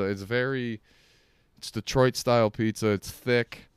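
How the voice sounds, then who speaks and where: A man's voice: on the low side, normal speed, smooth, no echo, clean studio sound. A man hosting a solo podcast from his couch, rambling in a laid-back, profane way. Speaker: podcast host. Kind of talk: casual solo podcast rant. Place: home couch.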